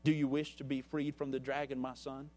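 A man voicing a grieving, merciful old king, speaking low, soft and grave in a church. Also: flat delivery, fairly quick, long reverb tail, lightly acted. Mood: tender.

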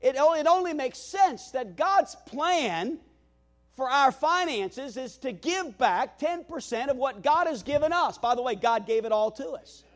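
A male pastor with a high voice preaching to his congregation. He tells stories with animated energy and pokes fun at himself. Many restarts, with "you know" scattered through. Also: a little slow. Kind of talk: sermon storytelling.

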